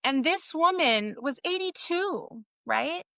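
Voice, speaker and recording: A woman with a bright, ringing, somewhat high voice talks as a physical therapist guest on a podcast. She tells stories in a loose, animated way and keeps checking in with "right?" The sound is dry and close, with no room around it. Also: takes it slowly, vocal fry, no echo. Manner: animated storytelling, frequent "like" and "right?". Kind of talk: casual interview chat.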